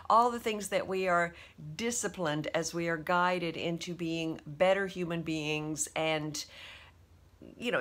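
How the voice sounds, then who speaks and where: A woman's voice: fairly low pitch, a bit bright. A woman vlogging, emotional and a little teary as she makes a personal confession, hesitant, with many fillers and restarts.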